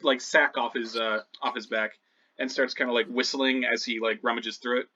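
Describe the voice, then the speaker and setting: A man's voice: medium pitch, fairly even intonation, moderate pace, bright, forceful tone. A man narrating a tabletop game as game master, in loose, filler-heavy description. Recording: slightly dull lo-fi mic.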